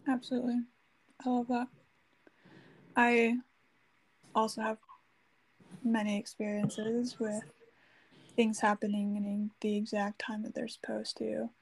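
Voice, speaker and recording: A woman hosting a faith podcast, speaking in a calm, reflective and affirming way. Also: fairly high pitch, a little slow, vocal fry, long pauses, breathy edge, poor audio. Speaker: podcast host. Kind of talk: casual faith podcast chat.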